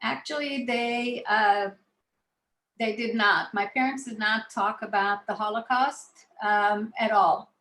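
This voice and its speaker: Woman born in Israel, guest speaker, relaxed anecdotal storytelling, roomy echo. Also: a little high, slow. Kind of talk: personal storytelling talk.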